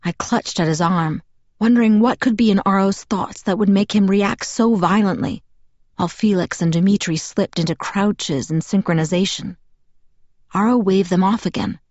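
A woman reading a novel aloud in first person as an audiobook narrator, in a measured, even storytelling manner. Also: mid-range voice, dry recording, muffled recording.

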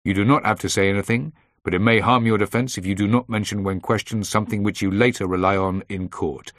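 A man's voice: on the low side, steady tone, quick pace, fairly bright tone, dry recording, clean studio sound, lightly acted. A man voicing a formal, commanding male detective inspector in an audiobook. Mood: firm.

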